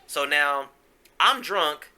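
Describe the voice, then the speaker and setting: A man's voice: on the high side, expressive, drawn-out words, bright, forceful tone, smooth. A man hosting a podcast, telling a candid personal story in a casual, profane, confessional way with plenty of fillers. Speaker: podcast host.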